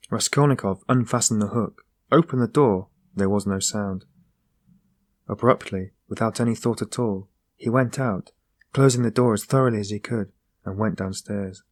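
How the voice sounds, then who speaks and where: Low-voiced man reading a classic novel. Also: no room sound. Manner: steady, measured reading that rises into voiced dialogue. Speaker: audiobook narrator. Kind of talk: scripted narration of a classic novel.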